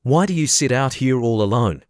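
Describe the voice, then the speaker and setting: A man's voice: medium pitch, animated, moderate pace, no room sound, clean studio sound, close to an everyday voice. A man voicing a polite, earnest seven-year-old girl in an audiobook. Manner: polite and gentle. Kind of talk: audiobook character reading.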